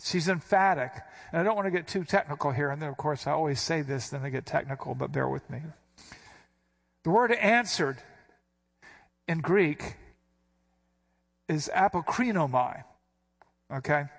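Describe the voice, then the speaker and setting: Emphatic preacher, a man with higher voice. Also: expressive, normal speed, creaky, pauses often, a bit bright. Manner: teaching, emphatic, explains Greek words. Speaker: pastor. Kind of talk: sermon.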